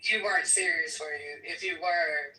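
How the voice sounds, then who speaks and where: Polite careful speaker in a voice chat, bright voice, kinda roomy and far from the mic. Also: mid-range voice, normal speed. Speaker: debate participant. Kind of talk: online voice-chat discussion.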